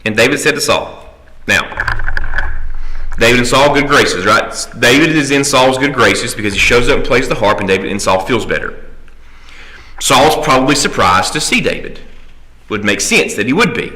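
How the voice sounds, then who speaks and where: Bright-voiced man teaching Sunday school. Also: mid-range voice, animated, poor audio. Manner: checks in with the class by asking "right?"; reads scripture aloud slowly. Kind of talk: conversational Bible class teaching. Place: church classroom.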